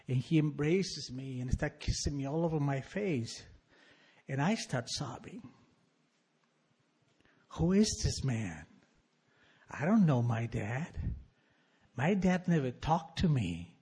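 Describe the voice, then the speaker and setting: A man in his sixties telling a personal recovery story to an audience in an animated, wry, emphatic way. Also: a little high, husky. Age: 60s. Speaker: speaker sharing a recovery story.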